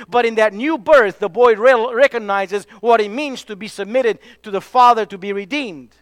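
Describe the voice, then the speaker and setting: A man preaching a sermon, emphatic, dropping to hushed tones for key points. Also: very high-pitched, moderate pace, few pauses, smooth, no room sound.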